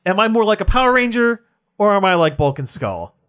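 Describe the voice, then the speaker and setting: A man's voice: high-pitched, very animated, fairly quick, fairly bright tone. A man co-hosting a podcast in casual chat, joking and upbeat. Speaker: podcast co-host.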